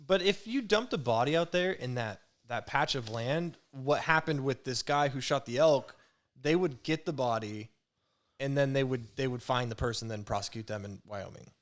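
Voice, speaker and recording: A man's voice: medium pitch, moderate pace. A young man co-hosting a casual podcast, joking and rambling through stories. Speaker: podcast co-host. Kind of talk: casual chat.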